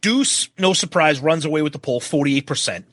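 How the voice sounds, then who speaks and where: A man hosting a podcast, cracking jokes and reacting quickly in casual banter. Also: on the high side, animated, a bit bright, no room sound, studio quality. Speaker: podcast host.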